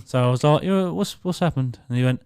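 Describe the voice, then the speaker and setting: A man's voice: fairly high pitch, quick pace, a little mellow, smooth. A young man, co-hosting a podcast, telling a funny story and laughing through it, swearing freely. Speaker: podcast co-host. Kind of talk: casual storytelling.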